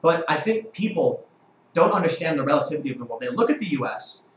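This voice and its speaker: A man hosts a live-stream debate and talks quickly and emphatically, with plenty of profanity. His voice sits slightly high. The room is echoey and has a faint background hiss. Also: big pitch swings, lo-fi sound. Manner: fast, emphatic and profane, reads viewer comments. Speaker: host.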